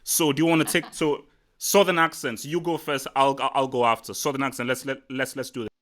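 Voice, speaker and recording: A man's voice: mid-range voice, level tone, brisk, a bit bright. A man hosting a casual live stream, competitive and joking, who often repeats himself. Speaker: channel host.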